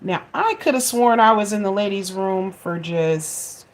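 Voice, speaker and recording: A woman in her forties telling a funny home story to her viewers in a chatty, expressive way and laughing at herself. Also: mid-range voice, a little slow. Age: 40s. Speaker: vlogger. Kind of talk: casual storytelling to camera.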